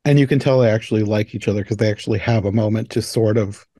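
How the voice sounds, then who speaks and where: A man's voice: on the low side, steady tone, fast talker, warm tone, dry recording. A man hosting a podcast, chatting casually about a movie with many fillers and frequent laughs. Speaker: podcast host. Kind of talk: casual chat.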